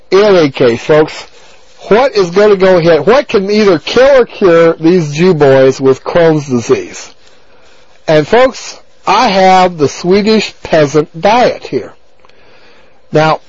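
A man's voice: on the high side, a little mellow, no echo. A man hosting a talk radio show, rambling on in a crude, abrasive monologue full of repeated filler phrases. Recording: dull lo-fi radio broadcast.

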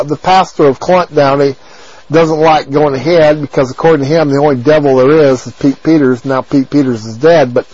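A man's voice: on the high side, darkish tone. Man rambling crudely on lo-fi talk radio. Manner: rambling, repetitive filler phrases, crude and abrasive. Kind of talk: rambling on-air monologue. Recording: dull lo-fi radio broadcast.

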